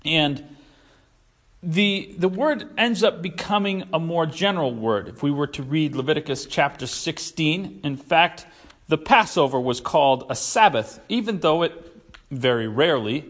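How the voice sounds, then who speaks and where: A male pastor giving a conversational sermon, folksy and joking, halting with many fillers. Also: a little high, lively intonation, fairly bright tone.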